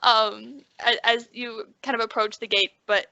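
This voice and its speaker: A woman's voice: a little high, flat delivery, measured pace, gravelly, pushed and bright, clean tone, no room sound. A young woman player describing her tabletop character in a rambling way full of "like", heard through a dry, dull lo-fi recording. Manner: rambling, with many likes.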